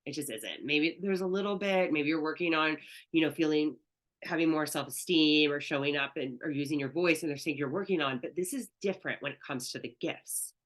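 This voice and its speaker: A woman's voice: low voice, fairly quick. A woman spiritual coach teaching an online class, talking in an earnest, candid, conversational way.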